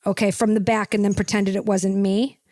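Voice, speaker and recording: A woman's voice: medium pitch, level tone, moderate pace, mellow, dry recording, clean studio sound. A woman hosting a comedic podcast, rambling and gossipy, tacking "okay?" onto her points. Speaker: podcast host.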